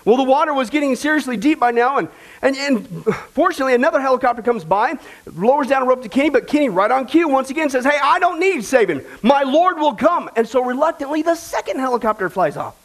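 A pastor delivers a sermon with a joke to his church, loose and playful, folksy and chatty, addressing everyone as folks. His voice is very high for a man, animated and quick.

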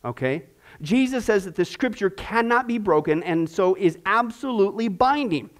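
A man's voice: high voice, expressive, moderate pace. A man teaching a Bible class in a chatty way, full of corny asides and rhetorical questions.

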